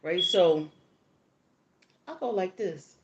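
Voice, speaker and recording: A middle-aged woman hosting her own channel, telling a story in a casual, animated way, laughing often and acting out the people in it. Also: on the low side, slow pace, dull audio. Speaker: tarot channel host.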